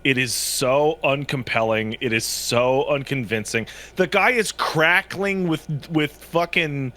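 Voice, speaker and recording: Podcast cohost guy, bright tense voice, jokey and wry. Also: medium pitch, measured pace. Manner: wry, joking, laughs often. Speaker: podcast co-host. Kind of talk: casual chat.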